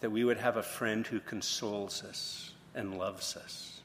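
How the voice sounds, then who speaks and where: A man's voice: on the low side, steady tone, measured pace, a bit bright, big-room sound, a little hiss or hum. A man preaching a sermon, retelling a story and then posing questions to the congregation. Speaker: pastor.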